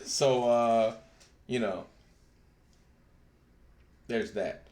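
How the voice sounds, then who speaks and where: A laid-back man hosts a live stream and chats casually with his viewers. He talks slowly and unhurriedly, swearing freely and laughing often. His voice carries a roomy echo. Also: medium pitch, darkish tone.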